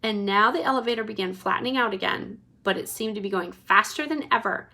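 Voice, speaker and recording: Bright-voiced woman reading a bedtime story. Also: medium pitch, fairly quick. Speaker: parent reading to a child. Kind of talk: bedtime read-aloud.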